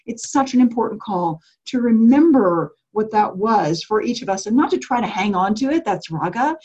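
A woman's voice: fairly high pitch, normal speed, slightly rough, lo-fi sound. A woman leading a retreat group on a call, talking casually and animatedly, with many restarts and fillers. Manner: animated, often acting out quotes with laughs. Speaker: retreat leader speaking to a group.

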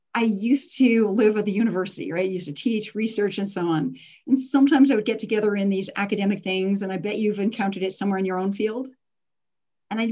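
A woman's voice: mid-range voice, darkish tone, lo-fi sound. A middle-aged woman hosting an online workshop, talking candidly and casually with fillers and laughs. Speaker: workshop host and coach.

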